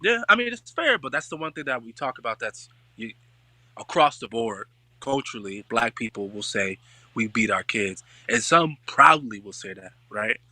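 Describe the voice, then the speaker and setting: Male host, AAVE speaker, lively and teasing, bright tone, close dry mic. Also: medium pitch, normal speed, no room sound. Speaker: podcast host. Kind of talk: casual chat.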